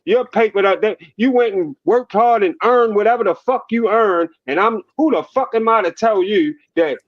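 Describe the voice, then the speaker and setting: A man's voice: high voice, moderate pace, phone-quality sound. A man co-hosting a boxing talk show, ranting in a heated, profane casual debate with rhetorical questions. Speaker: boxing podcast co-host.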